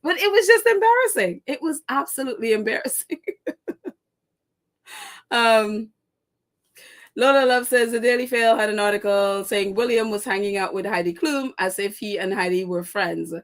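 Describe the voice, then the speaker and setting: A woman's voice: mid-range voice, fairly even intonation, normal speed. A woman hosting a casual live stream, reading viewer comments and chatting with frequent laughs, fillers and sarcastic asides. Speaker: host.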